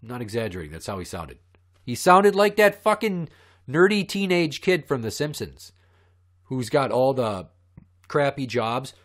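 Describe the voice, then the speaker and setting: A man hosting a podcast rants as he tells stories, swearing and getting worked up. His mid-range voice is very animated and slightly bright, at a moderate pace.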